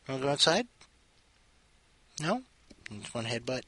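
Male host, casual rambling chat, husky, dry close sound. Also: mid-range voice, very animated, measured pace, a bit bright, dry recording. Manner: rambling, playful, jokey asides. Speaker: podcast host. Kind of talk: casual chat, talking to his cat.

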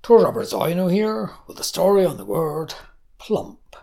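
A woman with a deep, heavily gravelly voice reads a first-person story, sneering and ranting. She drifts into raspy whispers and stretches her words slowly, swinging widely in pitch. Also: very animated, mellow.

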